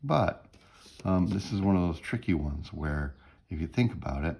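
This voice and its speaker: A man's voice: sits low, expressive, normal speed, gravelly, darkish tone, breathy edge. A man teaching music theory in a recorded lecture, explaining step by step, humming bits of melody and often checking in with "right?".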